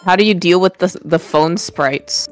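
A woman artist chatting casually on a stream, relaxed, laughing easily and trailing off mid-sentence. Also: lowish voice, unhurried, soft background music. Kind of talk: casual chat.

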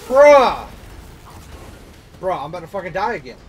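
Young guy streaming a game, swearing a lot, high animated voice. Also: brisk, soft background music. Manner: frustrated, swearing outbursts. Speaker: gaming streamer. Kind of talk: gameplay commentary.

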